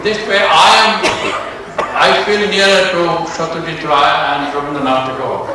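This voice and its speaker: An older man, a veteran filmmaker on a festival panel, telling a rambling, halting anecdote and chuckling along the way. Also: a little high, steady tone, background noise. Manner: rambling, halting, chuckles at his own tale. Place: festival hall. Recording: echoey hall from far off.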